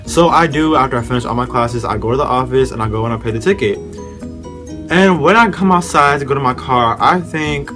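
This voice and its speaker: A man's voice: medium pitch, brisk, over music. A young man telling a story in a casual vlog, rambling and slangy as he talks straight to his viewers. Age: young adult.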